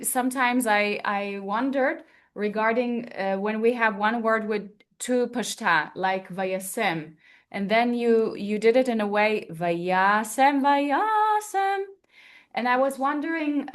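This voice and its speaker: A woman's voice: fairly high pitch, a bit bright. A woman in the audience asking the lecturer a question, searching for her words. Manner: searching, hesitant phrasing. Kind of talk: conference Q&A.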